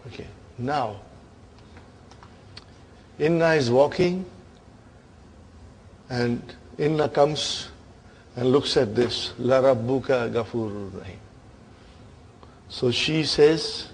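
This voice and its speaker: Slow, quizzing grammar teacher, man. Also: medium pitch, creaky, breathy edge. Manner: quizzing the class, frequent "huh?" checks; playful storytelling teacher. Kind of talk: classroom lesson.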